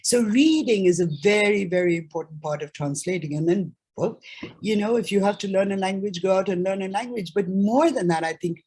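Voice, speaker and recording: A woman with an Indian English accent, an author and translator, speaking as an interview guest over a video call, emphatic and quick to laugh, repeating words for stress. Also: mid-range voice, a little mellow, husky. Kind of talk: conversational interview.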